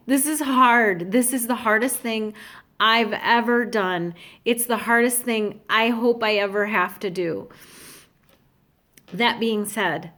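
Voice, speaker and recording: A middle-aged woman talking earnestly and candidly in a personal vlog, with halting restarts. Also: on the high side. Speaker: vlogger.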